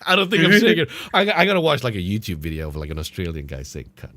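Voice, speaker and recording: A man hosting a podcast, ranting casually with profane, animated outbursts. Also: lowish voice, a little fast, no room sound. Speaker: podcast host.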